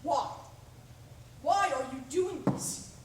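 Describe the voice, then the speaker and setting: A woman on stage playing a pushy, fast-talking male Hollywood agent with brash, wheedling sales patter. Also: extremely high pitch. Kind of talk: amateur stage play. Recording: distant echoey stage recording with hiss.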